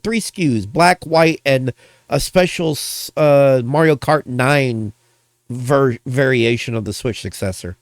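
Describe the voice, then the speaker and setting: A man with a high, very lively voice rambles through casual gaming commentary and throws out playful insults. His pitch swings widely, and the recording is close and dry. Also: dry recording. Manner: animated, rambling, playfully name-calling. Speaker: gaming video host.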